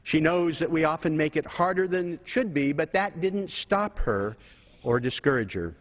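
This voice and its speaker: A man giving a measured, gracious tribute speech as a congressman in a large legislative chamber, at a podium microphone. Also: a little high, animated. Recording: reverberant chamber, dull broadcast audio.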